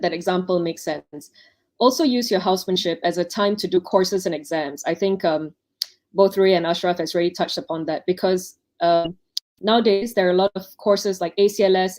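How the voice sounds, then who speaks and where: A woman's voice: lowish voice, darkish tone. A woman doctor on an online panel, giving chatty advice to new doctors and acting out quoted lines in her stories. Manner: chatty, anecdotal, acts out quoted speech.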